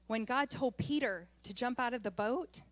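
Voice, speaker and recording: A woman pastor delivers her sermon as a lively personal story. She talks with animation and slips into laughter often while she tells it. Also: a little high, moderate pace, dry recording.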